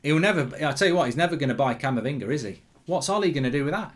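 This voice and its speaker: A man's voice: on the high side, lively intonation, rapid-fire, few pauses. A man hosting a live football watchalong, chatting casually, reading out viewer comments, with frequent ums and restarts.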